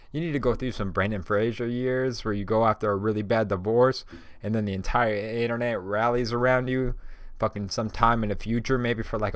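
A stoned man rambles through a profane solo rant on his podcast. His voice sits a little low, and the sound is dry and close to the mic. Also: no echo. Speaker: podcast host.

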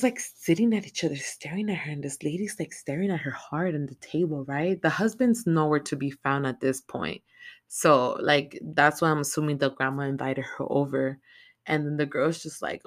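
A woman talking through a horror film she watched. Her delivery is casual and excitable, heavy on profanity and filler words. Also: very deep voice. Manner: animated, heavy swearing, lots of "like" fillers. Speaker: film recap vlogger. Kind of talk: casual profane movie recap.

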